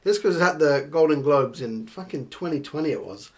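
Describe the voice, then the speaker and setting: A man's voice: a little high, expressive, moderate pace. A man hosting a podcast in casual chat, sweary and opinionated. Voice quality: sweary, opinionated, laughs a lot. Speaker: podcast host.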